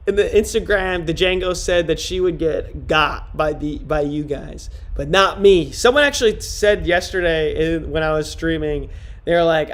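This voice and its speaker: A man's voice: fairly high pitch, a little slow. A man from upstate New York bantering brashly with his live-stream chat, joking and swearing casually. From Rochester, New York, USA.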